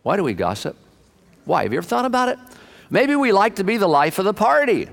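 A man's voice: high-pitched, big pitch swings, quick pace, creaky. A man preaching a conversational sermon in church, asking the congregation questions and joking about himself. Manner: self-deprecating and candid. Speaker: pastor. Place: church sanctuary.

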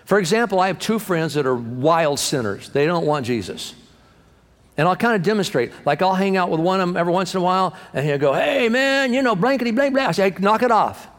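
A man preaching a sermon as pastor, animated, acting out the voices of people he quotes and swinging between loud and soft. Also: high-pitched, a little fast, long reverb tail.

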